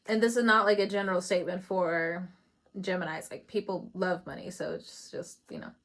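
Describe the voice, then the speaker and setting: A woman's voice: lowish voice, steady tone, moderate pace, a bit bright, a little hiss or hum. A woman doing a casual tarot reading. She talks in a chatty, loose way, laughs often and swears casually. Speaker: tarot reader.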